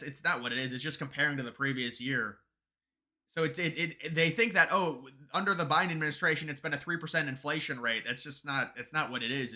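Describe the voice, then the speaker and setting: A man's voice: mid-range voice, pushed and bright. A man live streaming political commentary while answering viewer chat, argumentative and emphatic, often restarting and repeating words. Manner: argumentative, gets heated and emphatic.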